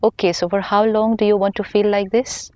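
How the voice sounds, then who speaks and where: An Indian woman speaks in a calm, explanatory way, guiding a conversation about spiritual ideas. Her voice sits at an ordinary middle pitch, and she now and then acts out little bits of inner dialogue. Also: a little fast, no room sound. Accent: Indian English. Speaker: spiritual teacher.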